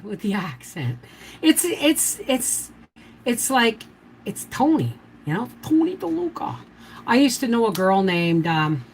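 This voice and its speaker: Older lady rambling on her homestead live, slow easygoing talk, stops to give canning how-to. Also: mid-range voice, a bit bright, a little hiss or hum, low-quality recording. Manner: rambling, chatty, giving step-by-step canning instructions. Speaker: homestead livestream host. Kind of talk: casual live-stream chat.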